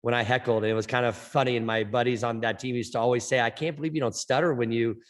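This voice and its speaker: A middle-aged man from California, a softball coach being interviewed on a podcast, who stutters and often repeats words and fills pauses. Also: mid-range voice, steady tone. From Orange County, California. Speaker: head softball coach, guest.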